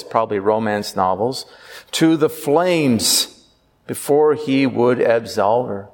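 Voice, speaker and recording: A priest preaching a sermon with earnest delivery, slowing down for emphasis. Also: male voice, a little high, big-room sound.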